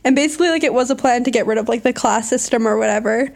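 A woman's voice: on the high side, rapid-fire, vocal fry. Chatty young woman recapping a story. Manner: animated storytelling with many likes. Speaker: book recapper. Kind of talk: casual chat.

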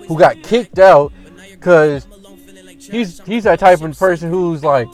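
A man's voice: on the high side, slow, soft background music. Profane young man ranting about work. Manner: profane, animated, restarts and acts out quoted lines. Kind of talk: casual storytelling rant.

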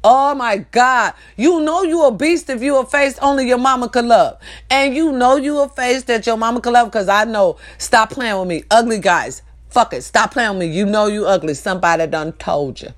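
A woman's voice: on the high side, normal speed. A woman delivering a profane, scolding comedic rant straight to her audience.

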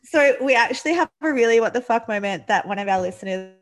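A woman's voice: a little high, animated, fast talker. A woman co-hosting a podcast, chatty and giggly, reading a listener's letter. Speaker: podcast co-host. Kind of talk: casual chat, reading listener mail.

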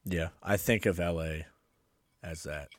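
A man co-hosting a podcast in casual chat, quick to laugh and swear, answering in short reactions. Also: deep voice, dry recording, studio quality. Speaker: podcast co-host.

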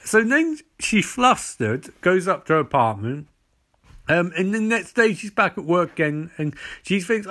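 A man's voice: high-pitched, big pitch swings, unhurried, fairly bright tone. A man ranting through a sarcastic, profane recap of a TV show. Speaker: TV reviewer.

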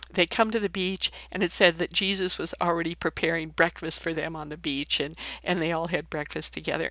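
A woman reading a Bible passage aloud, then commenting on it in a conversational, animated sermon style. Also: mid-range voice, no room sound. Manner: conversational, animated, laughs while teaching. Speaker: Bible teacher.

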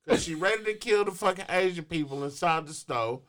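A male talk-show co-host spinning a loose, profane story in a radio studio. His voice sits a touch high and rings bright, and his pitch leaps around as he tells it. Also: animated, a little fast. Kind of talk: casual storytelling chat.

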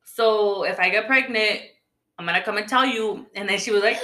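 A woman's voice: medium pitch, fast talker, bright, forceful tone. A woman in casual podcast chat, telling stories in a chatty way and acting out the voices of people she quotes. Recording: echoey room.

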